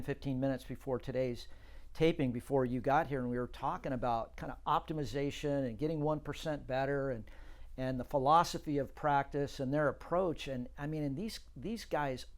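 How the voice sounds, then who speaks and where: A middle-aged man who hosts a talk show and chats casually in an earnest, emphatic way. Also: mid-range voice. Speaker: show host. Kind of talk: casual chat.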